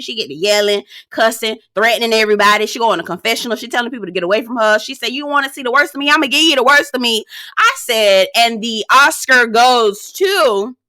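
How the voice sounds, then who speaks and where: A woman in her thirties giving a sassy, animated recap of a reality show, with laughing asides and quoted lines. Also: fairly high pitch, dry recording, clean studio sound. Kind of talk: casual recap commentary.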